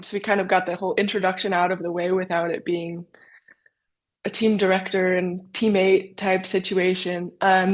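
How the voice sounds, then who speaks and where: A young woman racer answering interview questions in a chatty, casual way, full of "like" and "kind of". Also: medium pitch. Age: young adult. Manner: chatty, many "like" and "kind of" fillers. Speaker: cyclocross racer guest.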